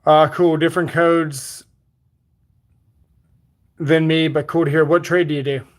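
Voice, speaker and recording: A relaxed man whose Bermudian accent has a Texas country twang running through it. His voice sits a touch high for a man. He reads viewer comments aloud in easygoing livestream chat and answers them with offhand jokes. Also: a little slow. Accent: Bermudian mixed with Texas country. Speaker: livestream host.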